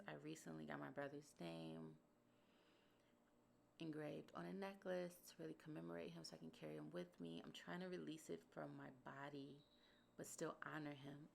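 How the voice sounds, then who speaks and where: Gravelly, low-voiced woman podcast host. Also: fairly even intonation, moderate pace, slight background noise. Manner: earnest, emphatic, repeats phrases for stress. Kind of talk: personal reflective podcast monologue.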